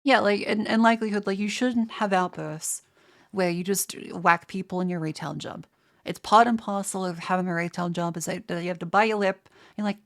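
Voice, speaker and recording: A woman's voice: mid-range voice, steady tone, moderate pace. A young Australian woman streaming live, chatting casually and crudely in a rambling way, with frequent restarts as she answers viewers. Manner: profane, rambling, stammers and restarts.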